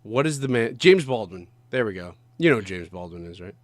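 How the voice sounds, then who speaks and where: A man's voice: fairly low pitch, expressive, a little fast, no room sound. Podcast co-host, male, loose rambling chatter with frequent swearing, dry close sound. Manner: rambling, swears often, loses names. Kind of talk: casual chat.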